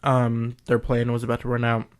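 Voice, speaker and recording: A man co-hosting a casual podcast chat, explaining background at length and filling pauses with ums. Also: mid-range voice, monotone, clean tone. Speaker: podcast co-host.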